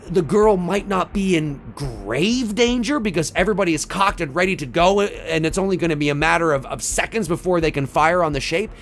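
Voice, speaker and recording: High-voiced man rambling through an idea. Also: a little hiss or hum. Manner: rambling, many restarts and "right?" tags. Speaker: fan pitching a film sequel idea. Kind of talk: casual verbal walk-through.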